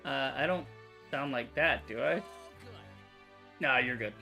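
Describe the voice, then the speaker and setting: A woman's voice: extremely low pitch, slow pace, gravelly, pushed and bright, faint music behind. A woman hosting a gaming channel, chatting casually through a game, swearing and laughing often. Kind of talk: let's play commentary.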